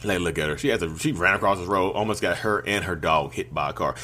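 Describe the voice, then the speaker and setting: Talking fast in a low, sharp voice, this man—a vlogger and podcaster—gives casual, conversational advice. He's full of slang and keeps adding "you know what I mean?"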